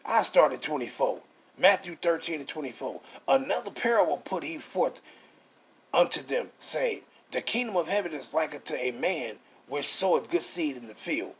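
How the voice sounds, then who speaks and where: A man's voice: fairly high pitch, expressive, normal speed, husky. A man, teaching scripture in a fiery, profane style full of rhetorical questions. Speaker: preacher.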